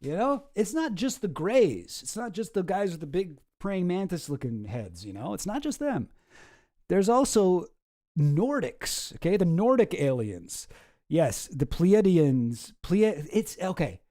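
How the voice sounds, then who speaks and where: Mellow, wry, rambling male commentator. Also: high voice, big pitch swings, a little slow, no echo, clean studio sound. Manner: rambling, self-interrupting, wry. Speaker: YouTube commentary host. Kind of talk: casual comedic commentary.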